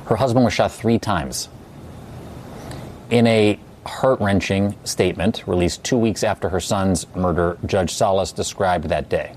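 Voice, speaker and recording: A man's voice: deep voice, a little slow, a little mellow, a little hiss or hum. A man anchoring a TV news segment, delivering the story in an emphatic, indignant way into a studio microphone. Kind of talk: TV news commentary.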